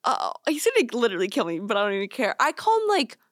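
A woman's voice: a little high, huge pitch swings, quick pace, no echo, studio quality. A young woman co-hosting a podcast, chatting casually and giggling, with lots of "like" fillers. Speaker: podcast co-host. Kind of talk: casual chat. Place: studio.

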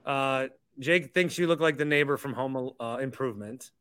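A man's voice: medium pitch, moderate pace, fairly bright tone, clean tone. A man hosting a call-in podcast, chatting casually and teasing his callers. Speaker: podcast host.

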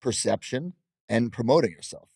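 A man's voice: mid-range voice, lively intonation, normal speed, vocal fry, mellow, breathy edge, no echo, studio quality. A man in his thirties, a professional wrestler, chatting in an interview in a brash, boastful way and laughing often. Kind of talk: casual interview chat.

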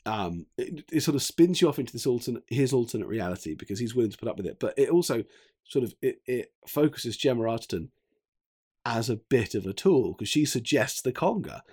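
A man talking casually about a film, animated and acting out quoted lines. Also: mid-range voice, fairly quick, slightly rough. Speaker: film reviewer.

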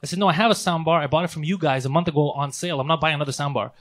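Brief: high, quick male storyteller, animated and profane, acts out the arguments. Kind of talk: casual storytelling chat.

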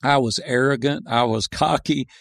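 A man's voice: medium pitch, normal speed, gravelly, dry recording, clean studio sound. A middle-aged man, an entrepreneur and author, talking earnestly in a conversational interview and acting out quotes as he tells stories. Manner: earnest, animated storytelling with acted quotes.

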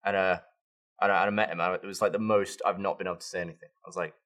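A man with a fairly low voice talks fast and chatty on a podcast. He rushes through a memory in casual conversation. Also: flat delivery, fairly bright tone. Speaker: podcast co-host. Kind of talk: casual chat.

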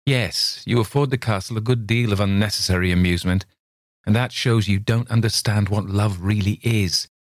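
A man with a low voice playing a reserved, sceptical gentleman who answers with cool irony. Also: steady tone, moderate pace, dry recording, studio quality, lightly acted. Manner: cool, ironic, detached.

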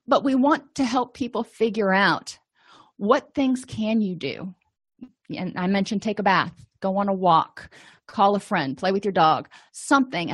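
A woman's voice: medium pitch, no echo, clean studio sound. A middle-aged woman counselor teaching a lesson, explaining in a conversational way with everyday examples. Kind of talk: recorded lecture.

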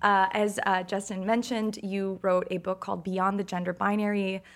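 A woman co-hosting a podcast with a French Canadian accent. Her voice sits at a middle pitch, and she speaks in a chatty, lightly playful way as she introduces a guest. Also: level tone, normal speed. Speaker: podcast co-host.

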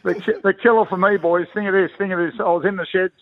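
With a crowd audible behind him, a high-pitched, fast-talking middle-aged Australian man keeps his intonation fairly even while telling slangy, rambling stories with restarts. A former rugby league player, he is a blokey guest in a casual radio interview by telephone, on a tinny, dry line.

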